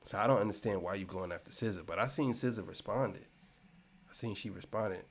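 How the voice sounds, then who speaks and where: A man giving a casual commentary rant, repeating himself and swinging between loud and soft. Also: lowish voice, fast talker, husky. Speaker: commentary channel host.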